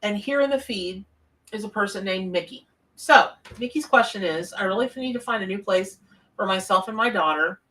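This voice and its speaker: A woman's voice: mid-range voice, normal speed, a bit bright, distant mic. A woman, live-streaming a tarot reading from her home office, chatty and effusive as she greets viewers. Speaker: tarot reader on a livestream.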